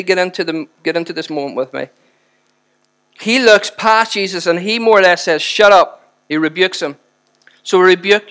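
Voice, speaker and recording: Impassioned high-voiced preacher man. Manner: impassioned, animated delivery with rising emphasis. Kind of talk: sermon.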